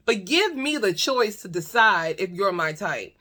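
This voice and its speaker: Storyteller woman with a bright, sharp voice, blunt and laughing, casual vlog. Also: mid-range voice, measured pace. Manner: animated, laughs often, blunt and profane. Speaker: storytime vlogger. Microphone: talking to her own camera.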